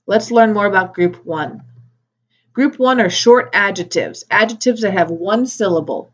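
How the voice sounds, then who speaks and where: Woman ESL teacher, medium pitch, careful slow modelling, slightly dull recording. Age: adult with a daughter. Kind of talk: recorded grammar lesson.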